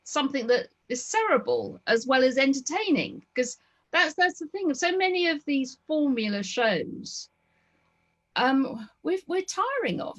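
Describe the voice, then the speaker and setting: A woman's voice: sits high, fairly bright tone. A woman interviewing a guest, speaking hesitantly with many fillers and restarts. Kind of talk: conversational interview.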